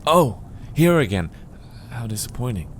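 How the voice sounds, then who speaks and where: A man reading game dialogue as a rambling, flustered cave writer who talks in high, excited bursts and keeps restarting his sentences. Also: normal speed, slight background noise, lightly acted. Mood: eager. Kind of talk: voice acting a game's dialogue.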